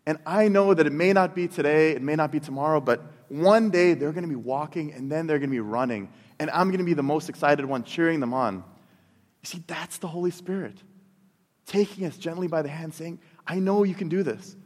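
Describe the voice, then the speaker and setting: A man in his thirties preaching a sermon as a pastor, earnest and warm in tone, often repeating words as he builds toward a point. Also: fairly high pitch, brisk. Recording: long reverb of a large hall.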